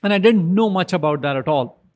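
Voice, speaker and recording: A man's voice: high voice, animated, a little fast, darkish tone. Chatty man telling stories. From India. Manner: rambling, with many "um", "I mean" and "you know". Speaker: podcast guest. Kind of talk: casual storytelling interview.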